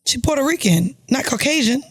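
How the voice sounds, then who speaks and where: A woman's voice: high-pitched, animated, brisk, slightly rough. A woman co-hosting a podcast in a studio, talking in a brash, crude and playful way. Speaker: podcast co-host. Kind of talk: casual chat.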